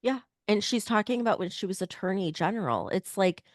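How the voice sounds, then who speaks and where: A woman's voice: mid-range voice, fairly quick, dry recording, studio quality. A woman co-hosting a podcast in blunt, opinionated casual chat, her voice nasal and strained from being unwell. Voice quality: nasal, sick-sounding. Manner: blunt, opinionated, many "like" fillers. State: voice strained from illness. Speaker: podcast co-host.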